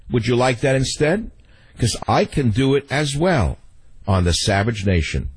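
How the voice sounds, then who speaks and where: A man hosting a political talk radio show, ranting fast and emotionally and running over his words. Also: mid-range voice, sing-song, breathy edge, rough recording.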